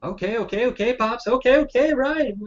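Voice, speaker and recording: A man's voice: very high-pitched, a little fast, pitched above the performer's own voice. A man voicing a cocky, curious teenage boy who talks in a breezy, placating way. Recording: dull lo-fi sound.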